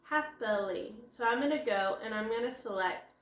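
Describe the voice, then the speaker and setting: A woman's voice: fairly high pitch, a little fast, noisy background. A woman teacher giving a recorded phonics lesson, explaining step by step and answering her own questions. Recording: echoey room.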